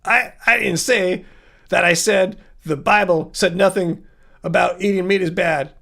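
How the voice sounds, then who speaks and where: A man with a high voice chats his way through a livestream, reading out viewer comments and answering them as they come. His talk rambles and doubles back, full of fillers and restarts. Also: steady tone, measured pace, gravelly, a bit bright. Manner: chatty, reads viewer comments aloud and replies. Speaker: livestream host answering chat. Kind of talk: casual livestream chat.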